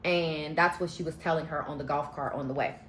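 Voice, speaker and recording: Her deep voice is steady, fairly quick and a bit bright, recorded in an echoey room with slight background noise. She gives a casual, sassy reality-show recap full of slang and frank opinions.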